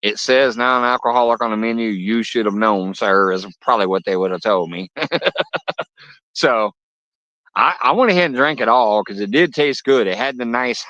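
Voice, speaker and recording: A man's voice: mid-range voice, normal speed, bright, forceful tone, no room sound. Profane, laughing man chatting on a fishing stream. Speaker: fishing livestream host. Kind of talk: casual live chat with viewers. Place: outdoors at a lake. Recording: dull lo-fi audio.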